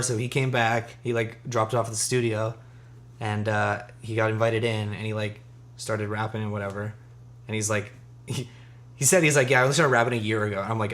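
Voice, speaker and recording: A man's voice: lowish voice, fairly even intonation, moderate pace, fairly bright tone. A young man co-hosting a podcast in casual chat, rambling with lots of fillers, swearing and laughing often. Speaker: podcast co-host.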